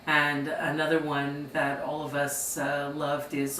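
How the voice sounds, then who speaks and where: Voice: medium pitch, completely flat delivery, slow, few pauses, bright, forceful tone, a little hiss or hum. Amused speaker recalling old sayings, distant. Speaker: interviewee. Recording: roomy, distant mic.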